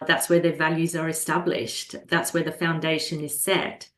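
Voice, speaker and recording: A woman guest speaking calmly and earnestly in a conversational interview about caring for children. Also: low voice. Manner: calm, earnest, slows down when acting out soothing a child. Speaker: guest, children's holistic health practitioner. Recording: roomy echo.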